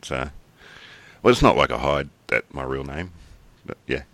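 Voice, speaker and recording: A man's voice: very deep voice, lively intonation, normal speed, creaky, pushed and bright, dry recording. An Australian man co-hosting a podcast in casual chat, rambling, swearing casually and laughing often. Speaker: podcast co-host.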